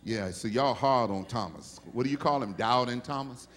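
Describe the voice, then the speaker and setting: A male pastor, preaching a sermon in a storytelling way that rises into shouted preaching. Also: mid-range voice, normal speed.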